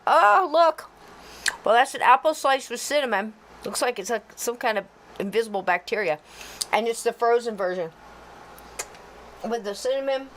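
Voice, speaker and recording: A woman's voice: on the high side, a little hiss or hum, rough recording. Chatty woman livestream host. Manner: chatty, talks to herself while fumbling with tech; folksy and jokey, greets viewers warmly by name. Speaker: podcast co-host. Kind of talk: casual livestream chat.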